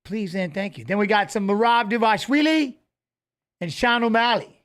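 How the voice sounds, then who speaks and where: High-voiced joking livestream host, a man. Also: animated, normal speed, fairly bright tone. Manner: rambling, profane, joking. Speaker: show host. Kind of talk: casual livestream chat.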